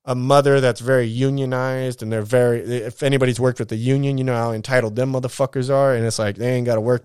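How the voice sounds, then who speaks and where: A man in his thirties talks through his own story in a loose, rambling vlog, blunt and heavy on swearing and slang. His voice is smooth and clear at a middling pitch. It sounds close and dry, with no room around it. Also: a little mellow, dry recording. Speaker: vlogger telling his life story. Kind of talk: casual confessional monologue.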